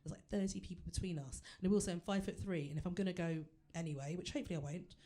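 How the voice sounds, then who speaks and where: A woman's voice: on the low side, rapid-fire, mellow. A woman performing a stand-up comedy set on a theatre stage, chatty and self-deprecating as she talks straight to the audience.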